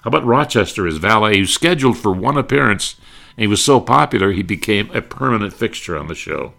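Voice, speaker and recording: A man's voice: lowish voice, animated, quick pace, gravelly, fairly bright tone. An older man fondly reminiscing about old-time radio, rambling from one memory to the next. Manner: fond, rambling, breaks into quoted catchphrases. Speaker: radio nostalgia speaker. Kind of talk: reminiscing talk with brief impressions.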